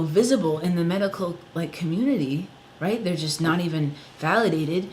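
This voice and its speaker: A man's voice: on the high side, moderate pace, hardly any pauses, darkish tone, slight background noise, rough recording. A man, a songwriter, ranting angrily in a casual vlog, swearing often and filling with "you know" and "like". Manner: angry, profane, many fillers. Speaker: songwriter vlogger.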